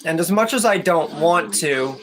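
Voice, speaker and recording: A man's voice: on the high side, expressive, moderate pace. A man hosting a gaming channel, rambling in a chatty casual way over gameplay. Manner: rambling and chatty, with fillers and restarts.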